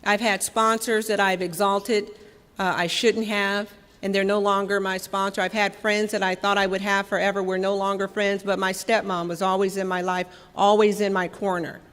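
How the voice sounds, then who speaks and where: A woman in her thirties from Los Angeles, sharing her recovery story with wry candor, swelling loud and dropping soft. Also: medium pitch, little pitch movement, normal speed. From Los Angeles, California. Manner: candid, wry, raw, with emphatic swells and soft drops. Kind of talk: personal recovery talk. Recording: long reverb from a hall.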